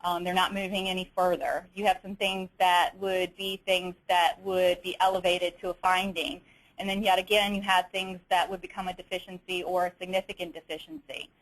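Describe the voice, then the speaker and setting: A woman's voice: fairly low pitch, little pitch movement, normal speed, fairly bright tone, poor audio. A woman with a Southern US accent presenting a webinar, walking methodically through slides with frequent fillers and restarts.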